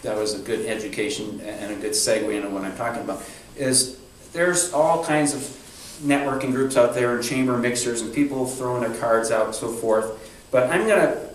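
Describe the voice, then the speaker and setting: A man's voice: medium pitch, fairly quick, slight background noise. A man giving a talk to a business networking group, telling a story and acting out the quotes. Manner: animated storyteller, acts out quotes. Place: meeting room. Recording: echoey room from far off.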